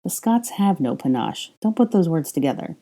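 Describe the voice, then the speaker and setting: A haughty young wizard nobleman, put on by a woman reading a story aloud. He talks in formal, clipped, mock-stern phrases in a low, mellow voice. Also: very animated, normal speed. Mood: teasing. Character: haughty, teasing young aristocratic wizard man.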